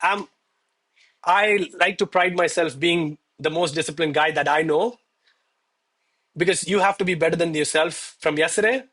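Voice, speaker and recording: A young man streaming live from home on a headset mic, hyped and out of breath after exercise, talking excitedly to his chat. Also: on the high side, normal speed, long pauses. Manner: hyped, exclaiming, addresses chat as bro.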